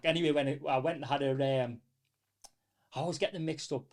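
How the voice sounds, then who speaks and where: Podcast guest, North East English man, middle-aged, slightly raised pitch, casual animated storyteller. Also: brisk, pauses often. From North East England. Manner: rambling, animated storytelling with quoted dialogue. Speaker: small business owner, podcast guest.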